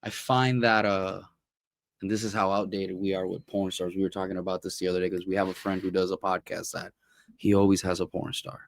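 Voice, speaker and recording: Low gravelly man in casual chat. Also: a little fast. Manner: rambling, restarts often, animated when amused. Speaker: podcast host.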